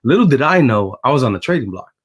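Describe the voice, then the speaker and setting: A man's voice: medium pitch, quick pace, husky. A man, a former ballplayer telling stories in a casual interview and acting out the voices he quotes. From Brooklyn, New York. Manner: animated storyteller who acts out quoted voices. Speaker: guest, former baseball pitcher.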